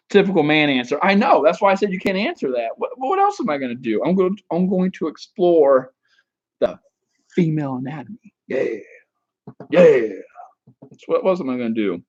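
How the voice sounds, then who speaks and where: A man's voice: a little high, big pitch swings, moderate pace, dull audio. A man giving dating advice on a casual live stream, answering chat with rambling, crude jokes and frequent restarts.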